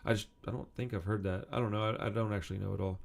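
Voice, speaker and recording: He's a punk music video host in his thirties, talking rapid-fire in a fairly low, steady voice with vocal fry. His commentary is casual and rambling as he reads magazine article quotes, with lots of swearing.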